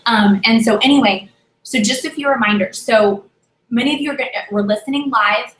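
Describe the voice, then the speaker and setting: Energetic woman giving a pep talk. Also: mid-range voice. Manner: energetic, pep-talk, repeats key phrases, many "okay?" checks. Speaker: sales team leader. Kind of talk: motivational team training. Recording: echoey room.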